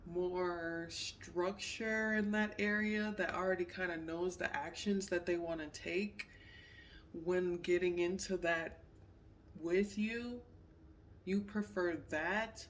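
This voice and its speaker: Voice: medium pitch, fairly even intonation, slow, distant mic, a little hiss or hum. A tarot reader giving a casual pick-a-card reading, emphatic and repetitive. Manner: repetitive, emphatic, says "period" often.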